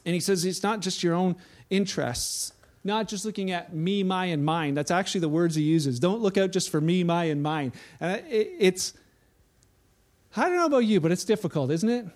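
A male pastor with a notably high, darkish-toned voice preaches a sermon at normal speed. He's animated and loosely conversational, frequently restarting sentences and acting out the little anecdotes he shares.

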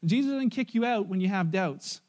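A male pastor preaching a sermon, telling the story in a lively, joking way and acting out the characters. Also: sits high, brisk.

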